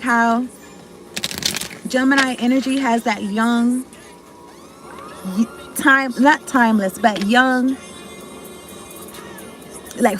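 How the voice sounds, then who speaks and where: A woman giving a casual tarot reading to her viewers, rambling, cutting herself off mid-thought and talking in slang with some swearing. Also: sits high. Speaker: tarot card reader.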